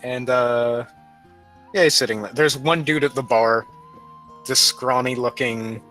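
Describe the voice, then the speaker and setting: Male game master, bright tone, light music bed, easygoing and laughing. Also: medium pitch, measured pace, low-quality recording. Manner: laughs often, playful narration. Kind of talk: narrating a tabletop game.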